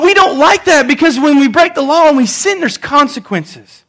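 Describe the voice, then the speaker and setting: High-voiced pastor preaching a sermon. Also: male voice, normal speed. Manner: conversational, animated storytelling. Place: church.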